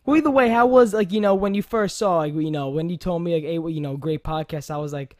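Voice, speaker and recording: A man with a New York accent hosting a casual podcast chat, animated and rambling, laughing often. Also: fairly high pitch, fast, dry recording, clean studio sound. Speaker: podcast host.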